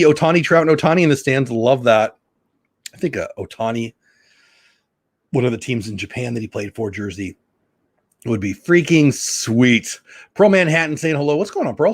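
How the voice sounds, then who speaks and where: A man's voice: medium pitch, dry recording, studio quality. Opinionated man hosting a casual stream. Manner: opinionated, animated, rambling. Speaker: livestream host. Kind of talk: casual live commentary. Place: home.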